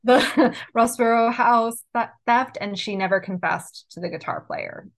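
A woman's voice: a little high, unhurried. Woman summarizing a book casually. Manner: summarizing, relaxed, hesitant fillers. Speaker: podcast co-host. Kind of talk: casual book club chat.

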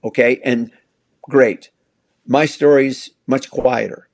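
An older man speaking as the guest theologian in a conversational interview, reflective and measured, telling stories with frequent pauses. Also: mid-range voice, fairly even intonation, darkish tone, no room sound.

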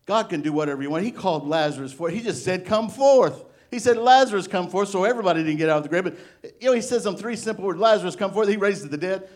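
A middle-aged male pastor giving a sermon, animated and playful, acting out little voices as he preaches. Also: high voice, rapid-fire.

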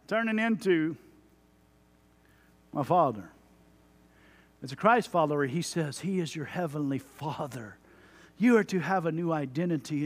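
A man in his forties from Texas preaching a sermon as pastor, animated, with lively asides about his own family. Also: high voice. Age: 40s. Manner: animated preaching, mimicking a parent's stock phrases.

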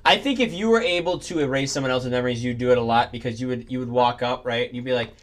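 A man's voice: medium pitch, fast. A young man co-hosting a casual podcast, goofy and playful, often talking to the listeners. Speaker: podcast co-host. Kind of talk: casual chat.

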